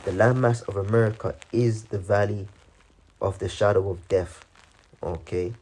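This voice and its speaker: A man with a somewhat low voice delivers loose, conversational religious commentary. His speech stumbles through frequent restarts and fillers, with "man" and "you know" tacked onto nearly every thought. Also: steady tone, a little mellow, a little hiss or hum. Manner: halting, many restarts, keeps saying "man" and "you know". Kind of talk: casual preaching commentary.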